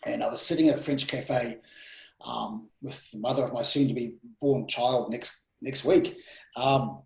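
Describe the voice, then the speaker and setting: A man in his thirties telling personal stories in an interview, animated and full of restarts and quoted self-talk. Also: medium pitch, unhurried, vocal fry. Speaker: guest speaker. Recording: roomy echo.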